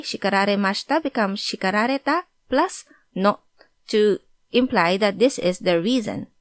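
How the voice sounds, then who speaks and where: Woman language teacher, clear patient delivery, mid pitch, dry close sound. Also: no room sound. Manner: clear, patient explanation, switching into example sentences. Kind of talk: explaining grammar with examples.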